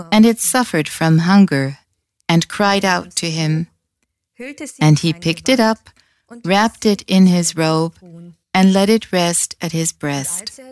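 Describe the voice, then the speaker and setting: A woman reading a religious passage aloud in a calm, reverent way. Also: lowish voice. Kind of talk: scripture reading.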